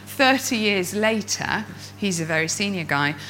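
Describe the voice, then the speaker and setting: Here a woman coach talks to her peers in a mid-range voice and at a measured pace. She's an expressive storyteller who performs inner voices. Faint music sits behind her on a poor-quality recording.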